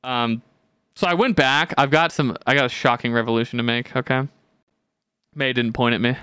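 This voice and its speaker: Young man, podcast co-host, casual chat, profane, animated storyteller, dry close sound. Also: medium pitch, moderate pace, clean tone, no room sound. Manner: swears a lot, animated storytelling with quoted voices.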